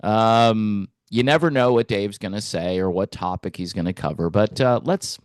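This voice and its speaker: A man hosting a music commentary channel, talking in a relaxed, hesitant way with wry asides. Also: lowish voice, moderate pace, no echo, studio quality. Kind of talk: casual reaction commentary.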